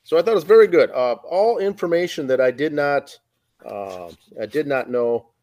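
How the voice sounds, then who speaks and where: A man's voice: on the high side, expressive, moderate pace, a little mellow. A man co-hosting a podcast in casual chat, easygoing, often repeating short phrases back. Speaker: podcast co-host.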